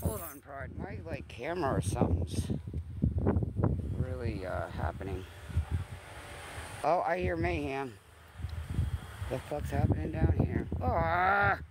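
A young woman talks on a handheld phone outdoors, chatty and casual, swearing easily and cooing at dogs. Her pitch swings up and down a lot. The phone recording carries clear background noise from the open air. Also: lively intonation, slow pace, pauses often. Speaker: vlogger. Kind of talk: casual vlog talk. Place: outdoors in a rural yard with dogs.

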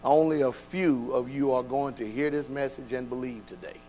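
A man preaching a sermon, dropping to quiet, low passages and then building to loud, shouted exhortation. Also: steady tone, normal speed, a little hiss or hum, rough recording.

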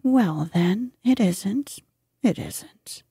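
A mild, cautious little male mole from a storybook, whispered role-play as a woman voices him. He speaks gently and soothingly, in a breathy hush that moves very slowly. The recording is close and dry. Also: medium pitch, lively intonation, no room sound, exaggerated voice. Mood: gentle.

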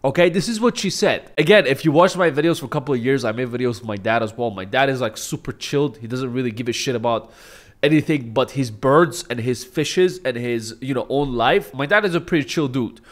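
A man's voice: medium pitch, a little fast. A young man casually telling a storytime vlog, joking and swearing as he talks. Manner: laid-back, swears, jokes and self-deprecates. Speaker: vlogger.

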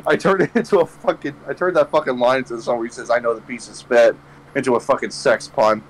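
A man's voice: mid-range voice, quick pace, poor audio. Young guy rambling thru a weed story, cusses a lot, faint hum behind him. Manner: rambling, heavy swearing, laughing at own jokes. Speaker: podcast host. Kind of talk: casual storytelling chat.

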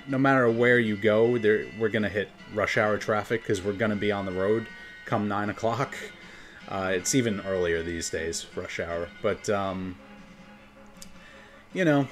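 A man from New York with a New York accent, chatting casually as a game streamer and rambling between topics. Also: on the low side. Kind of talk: casual gameplay commentary. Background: faint game music.

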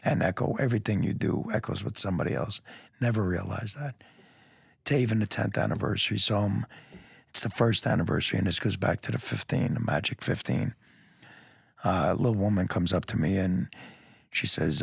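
Gravelly raspy guy, middle-aged cop on a podcast, blunt, keeps saying man, dry close sound. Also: low voice, lively intonation, brisk, dry recording. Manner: emphatic, blunt, frequent "man" and "you know", repeats words. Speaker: police lieutenant guest. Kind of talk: candid conversational storytelling.

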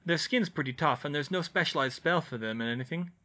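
A man's voice: on the high side, fast talker, sharp tone, pitched above the performer's own voice. A man voicing an easygoing teenage boy wizard in an audiobook reading, casual and offhand. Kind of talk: audiobook reading of fan fiction.

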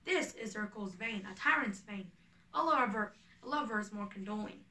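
A woman's voice: medium pitch, animated, moderate pace, bright, forceful tone, far from the mic. Bottom, a bragging weaver, read by a woman. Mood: boastful. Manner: boastful and eager. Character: boastful eager male weaver, an amateur actor. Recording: echoey room, away from the mic.

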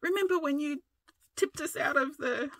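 Exasperated husband, pleading and yelling, pitched high and thin, as his wife mimics him. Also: normal speed, no room sound. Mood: reproachful. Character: exasperated husband in a canoe, adult man.

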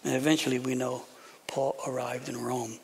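A pastor preaching an animated sermon, often repeating words and dropping to a whisper for emphasis. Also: male voice, medium pitch, moderate pace, slight background noise. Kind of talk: expository sermon.

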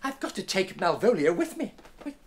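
A flustered eccentric inventor, lively swooping highish voice, grandly theatrical. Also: male voice, brisk, very noisy. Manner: theatrical, exclamatory, invents fancy words. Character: dotty excitable male inventor, flustered and grand. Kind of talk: children's TV acting.

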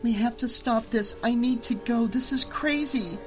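A man's voice: extremely high pitch, normal speed, fairly bright tone, faint music behind, pitched above the performer's own voice, low-quality recording. A man reading an audiobook, voicing a frightened young woman who talks in an urgent, pleading way. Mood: urgent distressed.

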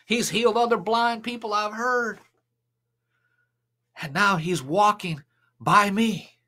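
A man's voice: high-pitched, fairly even intonation, takes it slowly, sharp tone. A man preaching a sermon and retelling a scripture story with dramatic, emphatic delivery. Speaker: pastor.

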